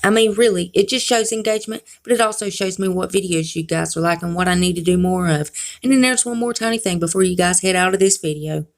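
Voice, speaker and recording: A woman's voice: on the low side, fairly even intonation, fast talker. A woman from South Carolina with a Southern accent, chatting casually to her viewers in a folksy, playfully sassy way. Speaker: beauty YouTuber. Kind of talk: casual vlog chat.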